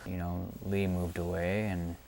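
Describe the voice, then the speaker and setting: Deep, flat-voiced man, hesitant. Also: a little hiss or hum. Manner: hesitant, halting, many fillers. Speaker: friend interviewee. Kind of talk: reflective documentary interview.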